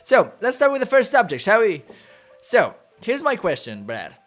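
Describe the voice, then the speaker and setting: Playful laughing non-native podcast host. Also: male voice, sits high, huge pitch swings, moderate pace, a bit bright, soft background music. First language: not English. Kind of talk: casual live-stream chat.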